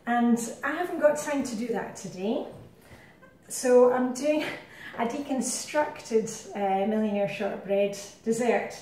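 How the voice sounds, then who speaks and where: Her voice a little high and warm, a middle-aged woman with a Scottish accent takes a slow pace as she demonstrates home cooking for her vlog, rambling off on asides. The kitchen is very echoey and the mic sits far away.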